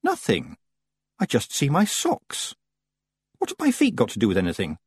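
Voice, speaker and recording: Man doing earnest young witch girl, lighter eager voice, husky, lots of ups and downs. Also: mid-range voice, wildly swooping pitch, normal speed, no echo, pitched above the performer's own voice, full character voice.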